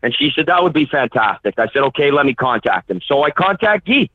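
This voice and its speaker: A man's voice: on the high side, sing-song, brisk, no echo. A man, a phone-in guest telling a long anecdote animatedly and acting out the voices he quotes. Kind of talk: anecdotal storytelling. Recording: tinny phone line.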